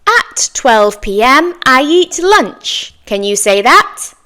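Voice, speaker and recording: Woman, English teacher, slow careful pace, lively intonation, encouraging drills. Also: high voice. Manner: encouraging, enunciates model sentences slowly. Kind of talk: slow, clear language lesson with repeat-after-me drills.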